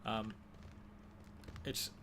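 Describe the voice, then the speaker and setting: A man's voice: extremely slow, noisy background. A man hosting a gaming video, giving dry, wry let's play commentary and often stammering and restarting his sentences.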